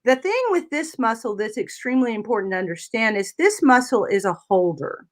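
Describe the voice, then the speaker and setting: A woman's voice: on the high side, expressive, fairly quick. A woman physical therapist explaining anatomy step by step on a talk radio show, often checking in with "right?" and "you know".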